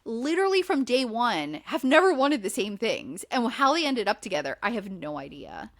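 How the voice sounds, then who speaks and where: A woman's voice: fairly high pitch, very animated, normal speed, a bit bright. A woman hosting a podcast, recapping a reality show in casual chat, talking loosely with lots of fillers and the odd swear word. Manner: chatty, filler-heavy, swears freely. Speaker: podcast host.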